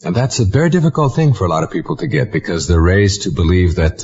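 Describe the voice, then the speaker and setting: A man explaining a self-help idea in long, measured sentences with some fillers. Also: deep voice, big pitch swings, darkish tone, lo-fi sound. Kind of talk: explanatory talk.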